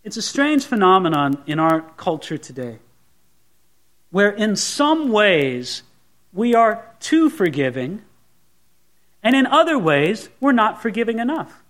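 A man's voice: high voice, big pitch swings, measured pace, long pauses, a bit bright. A man preaching a sermon as pastor, retelling the scene dramatically and acting out the people in it. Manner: dramatic, acts out the scene in voices.

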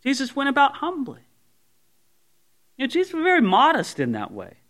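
Bright, high-voiced pastor preaching conversationally. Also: male voice, wildly swooping pitch, normal speed. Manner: conversational, voices imagined objections. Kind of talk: expository sermon. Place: church service before a congregation.

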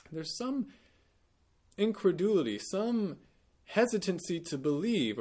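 A man teaching a Bible lesson in a careful, explanatory way, often correcting himself mid-sentence and giving quoted lines extra emphasis. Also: medium pitch.

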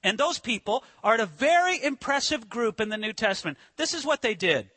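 Male pastor with a high voice, preaching earnestly in a dry, close room. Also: big pitch swings, a little fast, pushed and bright, no room sound. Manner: earnest, asks rhetorical questions. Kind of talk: sermon.

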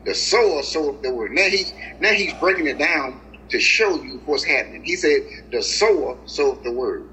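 A preacher delivering a sermon, drawing out scripture verses slowly and calling his listeners family and guys. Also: dull audio, slight background noise. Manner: animated, with swings of pitch and slow drawn-out scripture reading. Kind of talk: sermon, reading and explaining scripture.

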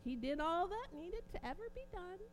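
A woman preaching an informal sermon, growing impassioned and forceful at points. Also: very high-pitched, very animated, moderate pace, noisy background. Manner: impassioned, rising to near-shouting emphasis.

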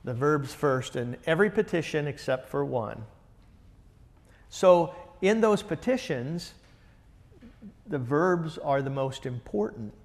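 Slow, enthusiastic man teaching with reverb. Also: fairly high pitch, expressive. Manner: enthusiastic, conversational, asks the group questions. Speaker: Bible study teacher. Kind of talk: teaching a Bible study. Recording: long reverb in a large room.

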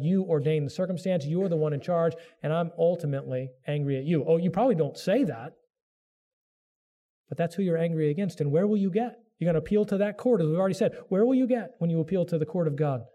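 Earnest preaching man with mellow voice. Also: fairly high pitch. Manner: earnest preaching, voices excuses in a raised mock tone. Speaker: pastor. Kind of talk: sermon.

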